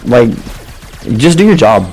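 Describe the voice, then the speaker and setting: A man's voice: medium pitch, big pitch swings, unhurried, a little mellow, faint music behind, low-quality recording. A man around thirty chatting casually with a friend, blunt and opinionated, swearing freely. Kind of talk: casual chat.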